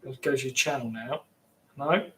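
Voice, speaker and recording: An Englishman with a mid-range voice hosts a livestream, rambling and chatting casually as he reacts to viewers. His pace is moderate and his tone sharp, with a faint hiss or hum in the audio.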